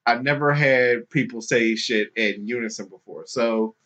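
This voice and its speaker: A man hosting a podcast, telling a story casually and putting on high mocking voices for the people he quotes, laughing often. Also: moderate pace, a bit bright. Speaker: podcast host. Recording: dull lo-fi podcast recording.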